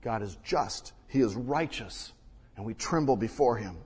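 A man preaching a sermon and reading scripture, swinging between loud emphasis and hushed quiet, recorded in a church sanctuary. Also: medium pitch, expressive, unhurried, slightly rough. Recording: long reverb of a large hall.

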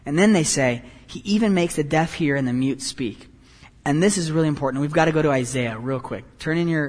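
A man preaching a sermon as pastor, animated, moving between quiet and loud passages. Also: on the high side, long reverb tail.

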